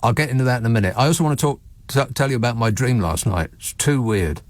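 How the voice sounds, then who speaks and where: A man's voice: medium pitch, fast, no echo. A man hosting a talk radio phone-in, sardonic and mocking, chuckling at his own jokes. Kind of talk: late-night talk radio monologue.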